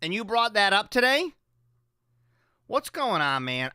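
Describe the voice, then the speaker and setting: A man hosting a radio show, chatting loose and profane with a bright, lively voice that jumps around. He rambles and jokes. The studio sound is dry and close. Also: high voice, measured pace, clean tone, no echo. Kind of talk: casual chat on a morning radio show.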